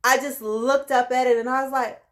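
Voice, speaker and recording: A woman in her late thirties telling a personal story in a casual vlog, lively and acting out what people said. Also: sits high, fairly quick. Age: 30s. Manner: animated, acts out quoted voices. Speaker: vlogger.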